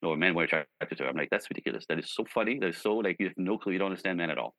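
A man's voice: sits low, racing, dry recording, low-quality recording. A man guest giving relationship advice in a conversational way, telling stories with lots of "you know" and "right?". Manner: animated storyteller.

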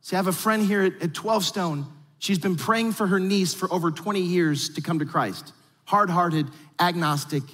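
A man with a high, husky voice preaches to his church, telling stories with lively, animated energy. He often doubles up words as he gets going. His voice carries a long reverb from a large church hall. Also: normal speed. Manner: animated storytelling, repeats words when starting phrases. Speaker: pastor. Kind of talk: sermon.

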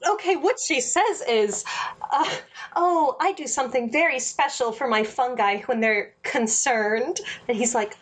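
A woman's voice: fairly high pitch, measured pace. A young woman chatting casually, retelling a story with lots of laughter and quoted lines. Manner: giggly, animated retelling with quoted voices. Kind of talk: casual recap chat.

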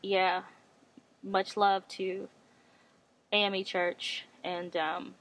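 A woman's voice: medium pitch, little pitch movement, very slow, fairly bright tone. A woman co-hosting a podcast in casual chat, speaking candidly and swearing freely. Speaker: podcast co-host.

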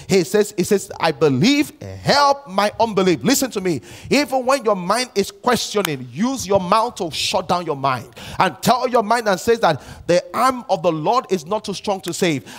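Guy preaching, pretty high voice, slows right down on the big lines and repeats them. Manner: emphatic, repeats key lines, slows down to stress scripture. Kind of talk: sermon.

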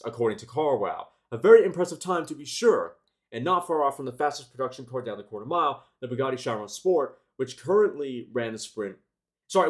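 A man hosting a car news show, reading articles aloud and stumbling into restarts and corrections as he goes. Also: medium pitch. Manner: reads with frequent restarts and self-corrections.

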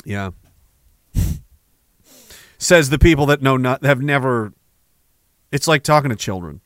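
A man's voice: mid-range voice, expressive, unhurried, fairly bright tone, no echo. A man hosting a podcast, ranting angrily and with heavy profanity between reading chat messages, with sarcastic asides. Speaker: podcast host.

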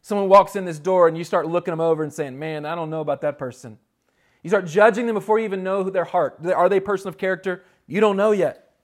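A man preaching a sermon in a conversational, animated way, with quick asides and restarts, a father of young boys. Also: sits high. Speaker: pastor.

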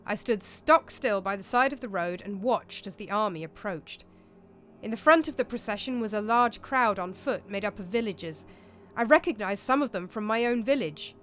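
A woman voicing a calm, worldly medieval priest who tells his tale in a measured way. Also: medium pitch, pitched above the performer's own voice, close to an everyday voice. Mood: storytelling.

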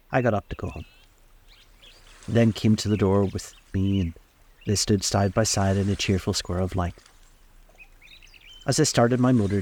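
A man reading a novel aloud in a calm, measured way, recorded outdoors on a lakeside deck. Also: fairly low pitch. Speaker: storyteller.

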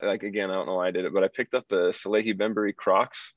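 A man's voice: low-pitched, steady tone, fast talker, no room sound, muffled recording. A man in casual podcast chat, talking in a laid-back, loose way with lots of "like". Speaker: podcast participant.

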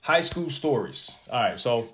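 A man's voice: mid-range voice, lively intonation, unhurried, a bit bright. A man telling a story in a casual chat, laid-back and slangy, with plenty of cursing.

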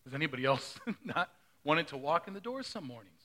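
A man's voice: a little high, big pitch swings, fast talker, pushed and bright. A middle-aged male pastor preaching a sermon in a conversational way, often asking the congregation questions.

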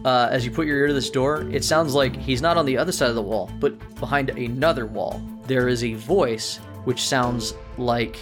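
A man narrates a tabletop game in a loose, joking way. His voice sits at a medium pitch. A little music plays faintly beneath him. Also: fairly even intonation, normal speed, few pauses. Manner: casual, joking, bro-ish. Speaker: game master.

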